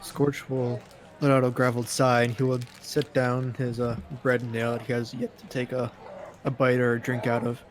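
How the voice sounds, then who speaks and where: A man playing a tabletop game who describes his character's actions in an even, unhurried way. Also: mid-range voice, slight background noise. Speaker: player.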